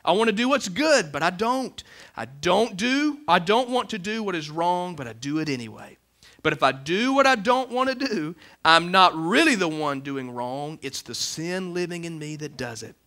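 A man, preaching a sermon as pastor of a church, swinging between loud emphasis and hushed lines. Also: high voice, expressive, moderate pace. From Alabama, USA. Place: church sanctuary with a congregation.

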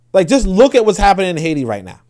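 A man reads an article aloud and breaks off into heated, profane commentary. He talks emphatically, restarting and repeating phrases as he pushes his point, and his voice sits somewhat high for a man. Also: a little mellow. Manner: impassioned, profane, repeats himself often. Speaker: political commentator. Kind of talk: livestream commentary reading and reacting to an article.

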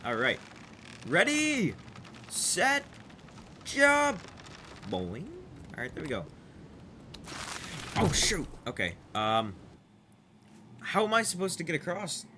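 A man giving casual gameplay commentary, excitable and chattering to his character, over noticeable background noise. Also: a little high, unhurried, long pauses. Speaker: gaming channel host.

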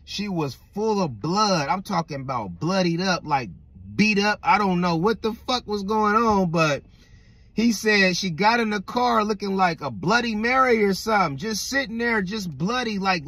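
A young man telling a spooky story in a casual, animated way, swearing often and checking in with the listener. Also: high-pitched, moderate pace, dry recording. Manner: animated, swears a lot, keeps asking "right?". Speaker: vlogger.

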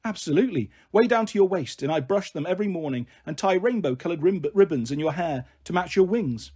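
A man's voice: sits high, animated, brisk, warm tone, breathy edge. A man doing a playful big-sister girl. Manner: playful, coaxing storytelling.

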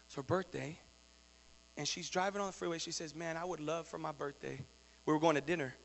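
A male preacher delivering a sermon, moving from quiet storytelling to shouted exhortation. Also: fairly high pitch, steady tone, fairly quick, gravelly, big-room sound. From Texas.

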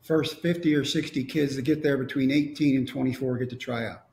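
Gravelly man telling a story. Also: mid-range voice, steady tone, moderate pace, hardly any pauses, a little mellow. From Texas. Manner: wry, storytelling with quoted dialogue. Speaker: motivational speaker. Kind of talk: storytelling talk. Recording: echoey room.

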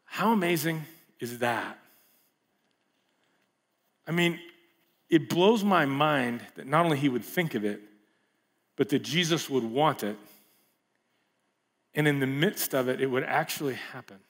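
A man preaching a sermon in a casual, animated way, full of rhetorical questions and asides. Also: medium pitch, measured pace, long pauses.

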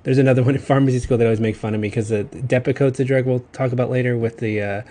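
A man from Texas with a Southern accent, giving a recorded pharmacology lecture in a casual, rambling way with quick self-corrections. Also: medium pitch, steady tone, mellow.

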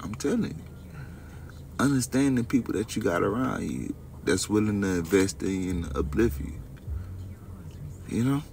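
A young man speaks directly to chat late at night on his stream, his storytelling loose and rambling. The gravelly, creaky voice sits lowish with a darkish tone, moving at a normal speed and pausing often. A phone placed a short distance away records him, a faint hum underneath.

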